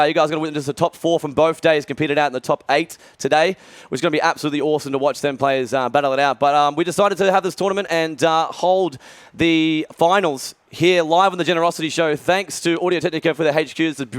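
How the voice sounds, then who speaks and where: A young man casting a live esports match, excitable and loose, full of fillers and exclamations. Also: on the high side, quick pace, no room sound. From Australia. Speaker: esports caster.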